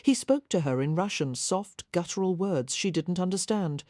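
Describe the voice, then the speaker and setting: Low, mellow woman narrating a romance. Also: animated, normal speed, dry recording, clean studio sound. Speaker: audiobook narrator. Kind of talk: scripted narration.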